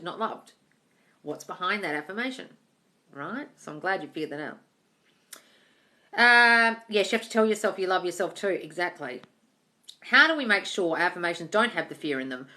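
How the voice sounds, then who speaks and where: Woman chatting on a livestream, bright clear voice a bit low, straight-talking and chatty. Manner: direct, chatty, reads out viewer comments and answers. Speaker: manifesting coach answering live chat. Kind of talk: casual live-stream Q&A.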